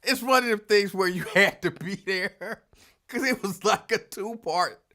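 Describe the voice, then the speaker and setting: Slightly slow and sharp in tone, a high-voiced man hosts a live afternoon radio program. He's laid-back and drawling, greets listeners by name, and breaks into laughter while telling a story.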